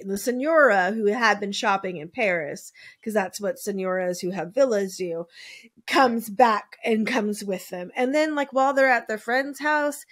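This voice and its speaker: A woman's voice: a little high, normal speed, fairly bright tone. A woman host telling a true-crime story in a casual, chatty way, full of "like" and wry asides, now and then swearing. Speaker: podcast host.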